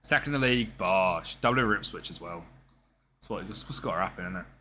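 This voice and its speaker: A man's voice: low voice, fast talker, bright, forceful tone, slight background noise. A man giving casual, slangy gameplay commentary and talking back to the characters on screen. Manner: chatty, slangy, talks to the game characters. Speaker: gaming streamer.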